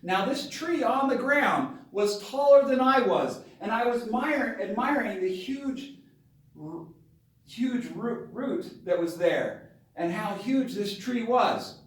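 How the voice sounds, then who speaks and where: A father telling a personal story to his camera in a dramatic, excitable way, with sudden bursts of yelling. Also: high-pitched, slow. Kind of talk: animated story time on camera. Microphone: camera mic at a distance. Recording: very echoey room, voice far from camera.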